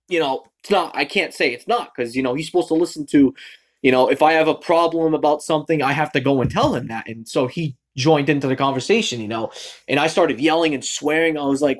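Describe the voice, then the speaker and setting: Rambling young man telling a work story. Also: on the high side. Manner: rambling, self-correcting, swears freely. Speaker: vlogger. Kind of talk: casual storytelling vlog.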